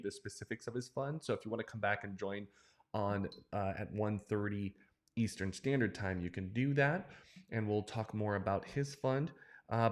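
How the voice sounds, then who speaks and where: A man hosting a casual real estate news livestream, upbeat and chatty, often asking viewers questions. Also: fairly low pitch. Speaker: host of a real estate investing news show.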